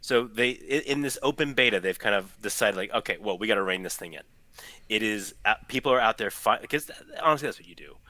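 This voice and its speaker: A man's voice: fairly low pitch, expressive, fast, sharp tone, no echo. A man co-hosting a casual podcast who explains in a chatty way, with restarts. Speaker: podcast co-host. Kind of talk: casual chat.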